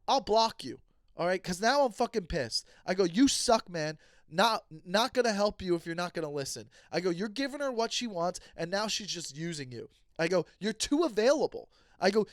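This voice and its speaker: A man with a high voice tells a story on his podcast as a heated, profane rant. He switches between himself and the people in the story, and the sound is close and dry. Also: no room sound. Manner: acts out both sides of conversations. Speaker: comedian and podcast host. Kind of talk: casual storytelling monologue.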